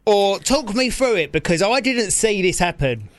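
A man's voice: sits high, sing-song, moderate pace, no echo. A man hosting a casual interview chat, swearing casually and laughing between questions. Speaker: host.

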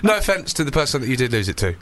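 A man's voice: mid-range voice, very animated, very fast, very noisy. A man hosting a casual chat show, teasing his guest and laughing along. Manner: playful, laughing reactions. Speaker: host.

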